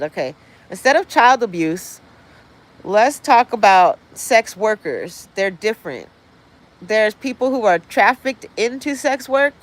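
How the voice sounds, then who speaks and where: The rough recording catches a female livestream host in an apartment building indoors, ranting casually in a blunt, profane, rambling manner. Her voice is mid-range with a fairly bright tone.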